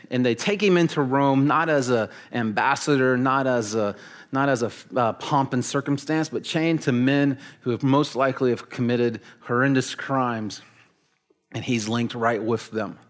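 A man preaching a casual, animated sermon to teenagers, joking with them and acting out the stories he tells. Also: medium pitch. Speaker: youth pastor.

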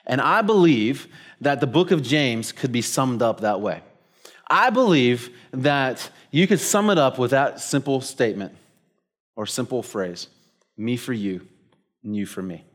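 A man's voice: mid-range voice, sing-song, a little slow. A man preaching a sermon, telling a story casually with plenty of fillers like "like" and "you know". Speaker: pastor.

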